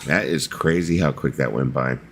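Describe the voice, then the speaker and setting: A man's voice: a bass voice, moderate pace, a little hiss or hum. A man co-hosting a casual chat among friends, playful and rambling, often restarting his sentences. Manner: playful, often restarts and fills in with "you know".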